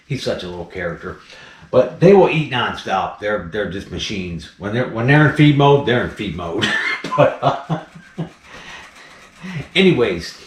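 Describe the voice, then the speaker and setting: A man's voice: medium pitch, sing-song, a little slow, roomy sound. A man hosting a casual vlog while feeding a snake, chatty and laughing often as he talks to the animal. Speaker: snake keeper and channel host.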